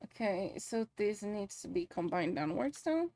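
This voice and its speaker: A woman's voice: mid-range voice, sing-song, a little slow, warm tone, dry recording. A woman with a Spanish accent chatting casually on a live stream while she works, giggly and swearing playfully. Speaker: VTuber streamer and model rigger.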